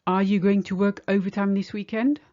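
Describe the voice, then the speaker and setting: A woman teaching a French lesson in English, speaking clearly and slowing down to model French phrases. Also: mid-range voice, level tone, dark tone, muffled recording. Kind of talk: language lesson.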